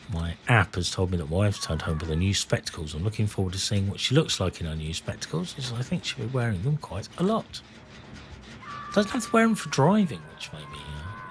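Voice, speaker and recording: Casual streamer in his forties, slightly low voice, rambling, candid chat. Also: big pitch swings, normal speed, faint music behind. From England. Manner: rambling, candid, swears freely. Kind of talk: casual chat while gaming.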